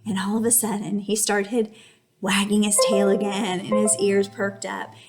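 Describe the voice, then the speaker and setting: A woman's voice: mid-range voice, slight background noise. A young adult woman teaching a reading lesson to young children, reading aloud with exaggerated expression.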